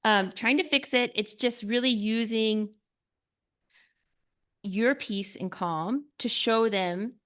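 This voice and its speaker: Woman, podcast guest, earnest, chatty fillers, slightly high voice. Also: slow pace, pauses often. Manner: earnest, lots of fillers, drops to a soft hush for calm. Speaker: author and guest. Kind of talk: podcast interview.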